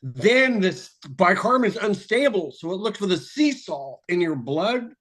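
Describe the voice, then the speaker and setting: Guest spot: fast-rambling, swearing man with a slightly high voice, breaks into lecture mode. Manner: profane, excitable, rambling; explains chemistry in quick lecture bursts. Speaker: guest, water filter developer. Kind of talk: casual interview talk.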